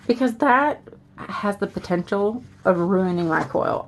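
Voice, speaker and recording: A woman's voice: medium pitch, lively intonation, a little slow, a little hiss or hum. A woman with a Southern US accent, chatting casually and rambling as she walks through her planner setup. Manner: rambling, chatty, with fillers and asides. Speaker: planner vlogger.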